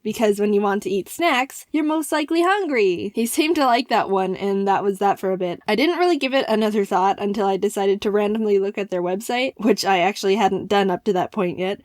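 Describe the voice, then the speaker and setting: A woman narrating a storytime voice-over in an excitable, jokey way, with sudden loud outbursts. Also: medium pitch, fast talker, few pauses, no echo, clean studio sound. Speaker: animator telling a story.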